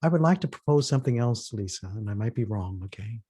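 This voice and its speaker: A man's voice: medium pitch, lively intonation, fast talker, dark tone, slightly rough. Earnest man leading a race workshop. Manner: earnest storyteller, acts out quoted voices. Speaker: workshop facilitator. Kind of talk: reflective workshop talk.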